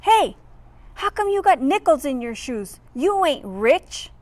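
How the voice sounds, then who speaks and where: Woman reading as storybook bully kid; high, loud, taunting, slangy. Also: animated, measured pace, no room sound. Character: tough boy bully, rude and demanding.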